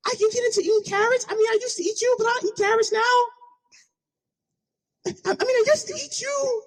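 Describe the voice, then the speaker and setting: Brief: a man doing a desperate trapped snake, shrill and whining, in a told story. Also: fast, poor audio. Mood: begging. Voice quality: high whining plea. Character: trapped male snake, desperate, pleading and whimpering.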